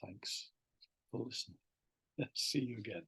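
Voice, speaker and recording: A British man giving a relaxed, chatty English lesson, repeating words slowly to demonstrate pronunciation. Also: mid-range voice, creaky, husky, dry recording. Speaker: English teacher. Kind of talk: casual spoken English lesson.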